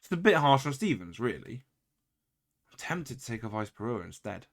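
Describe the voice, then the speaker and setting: A man's voice: medium pitch, sing-song, moderate pace. A man giving casual, wry play-by-play commentary on his own video game, full of exasperated, self-mocking asides.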